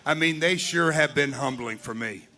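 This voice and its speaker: A man's voice: a little high, moderate pace, heavy background noise. A middle-aged man delivering a wrestling promo in a large arena on a handheld mic, answering his rival with firm, scolding retorts. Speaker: veteran pro wrestler.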